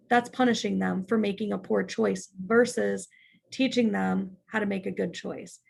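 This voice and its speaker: A woman's voice: mid-range voice, moderate pace, gravelly. A woman leading a childcare staff training in a church parlor, practical and often checking in with "right?".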